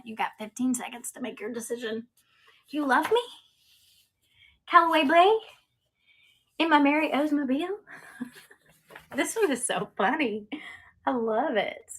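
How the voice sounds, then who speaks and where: A woman running a casual live-selling stream as an online auction seller, chatty and cheerful, with lots of ums and laughs. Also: fairly high pitch.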